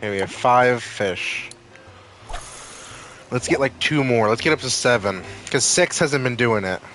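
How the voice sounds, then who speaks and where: A male streamer talking loosely over his gameplay in an ordinary mid-range voice. He rambles from one joke to the next and fills his sentences with "like," while soft game music plays faintly underneath. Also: medium pitch, expressive, measured pace, poor audio. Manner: rambling and jokey, leans on "like". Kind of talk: casual live-stream chatter while gaming.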